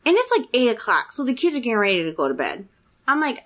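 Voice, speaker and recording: A woman in her thirties telling a personal story in casual chat, animated and acting out quotes with a rising voice. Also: fast. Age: 30s. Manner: chatty, animated, acts out quotes with rising pitch.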